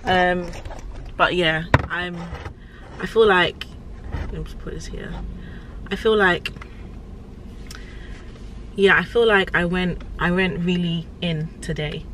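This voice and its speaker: A woman's voice: on the low side, fairly even intonation, slow, long pauses, fairly bright tone, a little hiss or hum, poor audio. Chatty young woman vlogging. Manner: rambling and chatty, laughs often. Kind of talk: casual vlog chat to camera.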